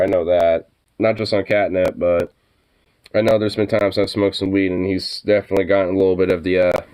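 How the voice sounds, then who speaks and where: A man with a very deep voice talks casually for his vlog. He is laid-back and swears freely, and he slips into soft, cooing talk with his pets. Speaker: vlogger. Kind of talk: casual chat.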